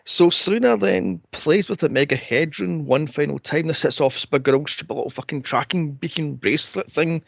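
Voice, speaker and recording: A man's voice: on the high side, fairly quick, creaky, hardly any pauses, no room sound. A man co-hosting a podcast, recapping a film in exasperated casual chat with frequent swearing and laughter. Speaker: podcast co-host. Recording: dull lo-fi podcast mic.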